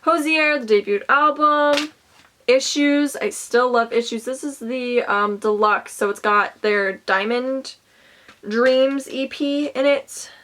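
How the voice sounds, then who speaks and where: Young woman vlogging, chatty and excitable, voice a bit high. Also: slow pace, a little hiss or hum. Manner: chatty, enthusiastic, lists items with bursts of excitement. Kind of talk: casual show-and-tell vlog.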